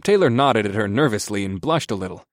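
A man's voice: fairly low pitch, lively intonation, fairly quick, dry recording, clean studio sound. A man narrating a first-person story in a wry, matter-of-fact way.

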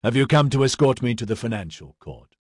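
A man's voice: mid-range voice, animated, brisk, darkish tone, breathy edge, dry recording, studio quality. A man reading an audiobook, voicing a jaded, gloating man who is under arrest, with a smug and mocking manner.

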